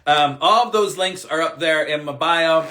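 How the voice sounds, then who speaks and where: A man's voice: fairly high pitch, moderate pace, pushed and bright, a little hiss or hum. A man doing a live-stream card reading as a spiritual coach, upbeat and emphatic, with casual swearing.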